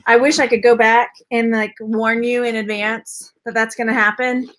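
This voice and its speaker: A woman's voice: on the high side, flat delivery, normal speed, fairly bright tone, a little hiss or hum. A woman chatting casually on a live stream, playful and rambling, throwing in silly sound effects. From Texas. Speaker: vlogger unboxing purses.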